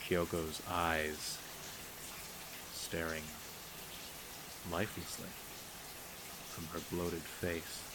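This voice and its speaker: A man narrating a novel aloud in a measured, solemn storytelling manner. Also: low voice, little pitch movement, noisy background. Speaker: audiobook narrator. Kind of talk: scripted narration.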